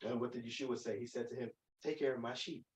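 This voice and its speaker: A man's voice: mid-range voice, steady tone, quick pace, darkish tone, echoey room, recorded from a distance, slight background noise, poor audio. A man giving an emphatic Bible lesson, often restarting his sentences. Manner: emphatic, with many restarts and fillers. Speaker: Bible teacher. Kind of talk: teaching sermon.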